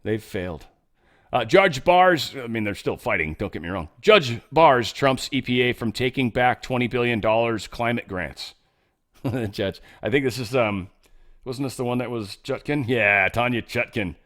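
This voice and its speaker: A man hosting a solo show, reading news excerpts aloud and reacting in a casual, offhand way, often trailing off into low muttered asides. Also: lively intonation, normal speed, a bit bright. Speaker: show host.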